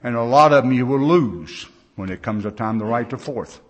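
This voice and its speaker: A man's voice: medium pitch, normal speed, dull audio. An older American man sharing a recovery story at a conference, a plain-spoken, folksy storyteller who acts out the voices of the people in his tale. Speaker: recovery meeting speaker. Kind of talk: personal recovery story told to a conference crowd. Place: large conference gathering.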